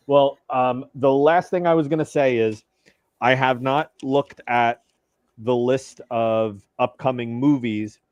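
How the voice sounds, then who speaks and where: A man on a podcast in casual chat, asking curious questions in a lively way. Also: medium pitch, no room sound. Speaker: podcast co-host. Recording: dull, slightly lo-fi audio.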